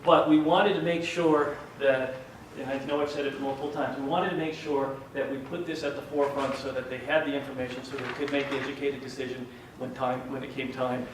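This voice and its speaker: Man presenter, middle pitch, calm explanation, faint room noise. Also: brisk. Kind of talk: public meeting presentation. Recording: very echoey hall, mic far off.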